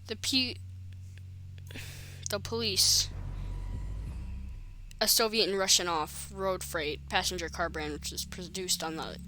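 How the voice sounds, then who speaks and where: A woman's voice: fairly low pitch, slow pace, long pauses, bright, forceful tone, slight background noise. A woman streamer reading a story game aloud, breaking off for chatty, self-mocking asides.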